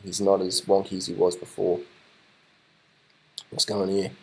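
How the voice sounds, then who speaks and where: A man talks through footage in a loose, off-the-cuff reaction commentary. His voice sits a little low, and he gets excitable, repeating himself and swearing casually as he goes. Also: normal speed, breathy edge, poor audio. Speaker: video commentator.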